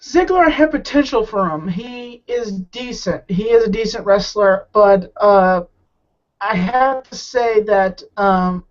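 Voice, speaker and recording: A high-voiced man speaks slowly as an interview guest, rambling and hesitant with many restarts. It's a casual chat, and the audio is muffled and lo-fi.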